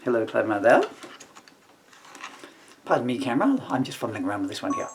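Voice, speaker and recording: A man's voice: medium pitch, a little fast, gravelly, recorded from a distance, slight background noise. Man reading his comic book aloud. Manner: deadpan jokes, chuckles at his own lines. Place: room, filmed on camera. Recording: roomy sound from away from the mic.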